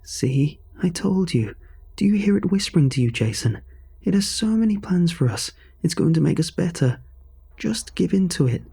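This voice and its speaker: A man's voice: high-pitched, lively intonation, moderate pace, vocal fry, warm tone, slightly rough, pitched above the performer's own voice, exaggerated voice. A man voicing a young wife under an alien influence, talking in an urgent, persuasive way in a horror story reading. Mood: eager persuading.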